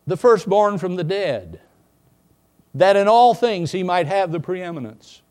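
A man preaching in a slightly high voice. He drops to quiet, low asides and then climbs into loud, emphatic bursts. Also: expressive, measured pace. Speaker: pastor. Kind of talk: sermon.

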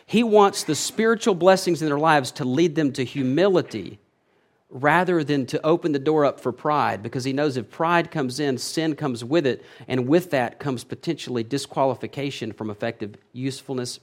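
A man preaching an expository sermon, reading verses aloud and explaining them with emphatic swells and frequent restarts. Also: mid-range voice. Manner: emphatic, rising and falling in loudness, self-correcting restarts. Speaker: pastor.

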